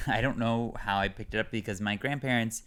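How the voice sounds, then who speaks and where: A young man from California talks as a guest on a casual podcast. His voice is smooth and resonant, sitting a little low. He rambles and leans on fillers. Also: steady tone, moderate pace, a bit bright. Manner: rambling, many fillers, chatty. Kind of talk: casual interview chat.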